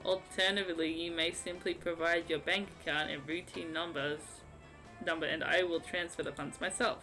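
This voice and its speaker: A woman putting on a pompous, overly formal prince for a scam letter, slow and stately, reading game dialogue aloud. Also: on the low side, steady tone, sharp tone, soft background music.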